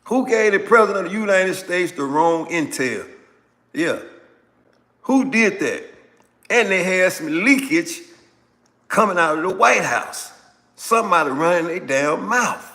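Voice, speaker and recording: A man hosting a livestream, giving casual political commentary and answering viewer comments in an animated, repetitive way. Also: high-pitched, unhurried, pauses often, in a large hall. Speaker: livestream host.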